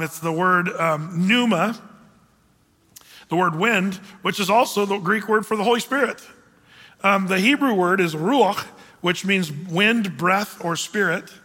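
A man's voice: high-pitched, sharp tone. A man preaching as pastor, teaching through a Bible passage in a conversational way, with frequent ums and questions put to the congregation. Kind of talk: verse-by-verse Bible teaching sermon. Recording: long hall reverb.

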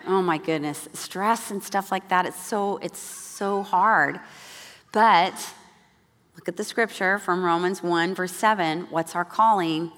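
A woman giving a devotional talk at a church gathering, telling a personal story with animated delivery and acting out the voices she quotes. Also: lowish voice, slow. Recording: long hall reverb.

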